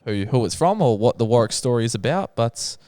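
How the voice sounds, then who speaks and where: A young man co-hosts a podcast in halting, giggly chat. His mid-range voice sits dry and close to the mic. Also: mid-range voice, very animated, mellow, no room sound. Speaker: podcast co-host. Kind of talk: casual chat.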